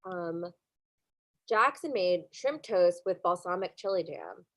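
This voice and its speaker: A woman's voice: on the low side, animated, slow pace, no room sound. A woman co-hosting a podcast, rambling through a cooking show recap with fillers and self-corrections. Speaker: podcast co-host.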